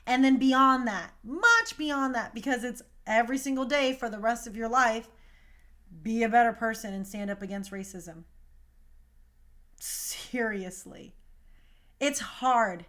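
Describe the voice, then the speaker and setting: A woman's voice: fairly high pitch, unhurried, fairly bright tone. A young woman hosting a talk show, speaking in a passionate, emphatic casual monologue. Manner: impassioned, emphatic.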